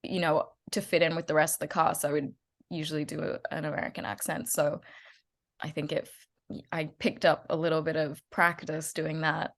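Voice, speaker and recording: A woman's voice: low-pitched, level tone, moderate pace, creaky. A woman in her twenties from Australia with an Australian accent, chatting as a guest actress and laughing often. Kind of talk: casual interview chat.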